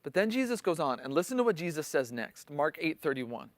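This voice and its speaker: A man's voice: a little high, very animated, brisk, dry recording. A man preaching a sermon in a conversational teaching style, explaining scripture and acting out the quotes with rising intensity. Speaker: pastor.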